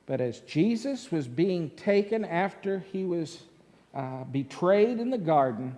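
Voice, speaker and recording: A male pastor, preaching a sermon as dramatic storytelling that swings between loud and hushed. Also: high-pitched, big-room sound. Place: church sanctuary.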